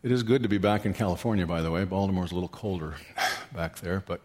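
A man's voice: low-pitched, fast talker. Preaching man in a reverberant hall. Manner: storytelling, rising to loud animated peaks; asks the congregation questions. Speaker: pastor. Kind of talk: sermon. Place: church hall.

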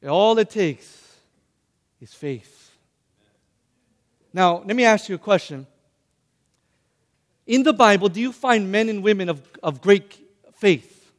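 A young man delivers a lively sermon in a high, light voice, pressing his listeners to answer him. His words ring out with a long reverb from the large hall he preaches in. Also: takes it slowly, pauses often. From Hispanic background. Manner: animated, calls on the audience to respond.

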